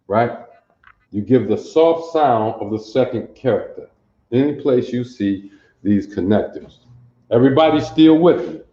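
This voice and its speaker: A Detroit-accented man teaches in a slow, unhurried way, often repeating himself and asking if the class is still with him. His voice is low and mellow. The sound is dull and echoes around the classroom. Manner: repeats phrases, checks in with the class. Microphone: camera mic, sometimes far away. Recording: echoey dull room recording.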